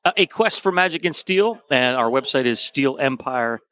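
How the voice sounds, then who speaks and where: A man's voice: medium pitch, animated, moderate pace, a bit bright, smooth, no room sound, clean studio sound. A man guesting on a podcast, enthusiastic and playful in casual chat.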